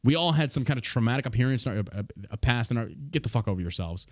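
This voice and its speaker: A man hosts a casual podcast, reading headlines and breaking off into profane, exasperated rants. His voice sits at an ordinary middle pitch. The recording is close and dry, with no room sound. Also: lively intonation, rapid-fire, dry recording. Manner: outraged, profane ranting while reading news aloud. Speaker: podcast host.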